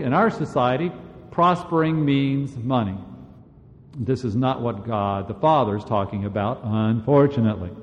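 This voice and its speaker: A man preaching a sermon in a conversational, self-mocking way, chuckling at himself. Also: mid-range voice. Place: church. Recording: dull sound with long reverb in a church.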